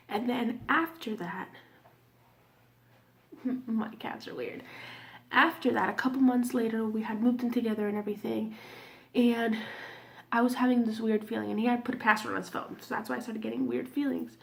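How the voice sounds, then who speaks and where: Candid gravelly-voiced young woman vlogger. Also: fairly high pitch. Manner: candid, swears freely, drops to near-whispers. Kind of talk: casual storytime.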